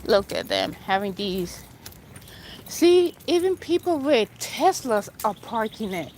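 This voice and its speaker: A woman's voice: mid-range voice, very animated, slow, darkish tone, slight background noise. A middle-aged woman hosting a rambling livestream outdoors, chatting to viewers by name and jumping between opinions as she walks city streets. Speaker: livestream host. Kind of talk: rambling livestream chat while walking.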